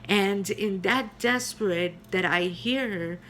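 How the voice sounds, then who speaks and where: A middle-aged woman pastor telling her personal testimony in an earnest way, with many pauses and fillers. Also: mid-range voice, fairly bright tone, slight background noise.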